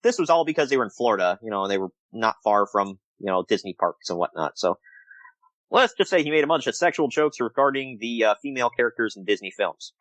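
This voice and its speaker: A man's voice: medium pitch, expressive, fast talker, a bit bright, no room sound. A man co-hosting a casual podcast review, rambling and laughing often as he retells things. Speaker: podcast co-host.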